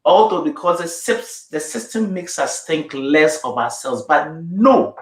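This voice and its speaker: A woman's voice: deep voice, expressive, unhurried, echoey room. A middle-aged woman speaking as an interview guest in an emphatic, repetitive, affirming way. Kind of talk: interview conversation.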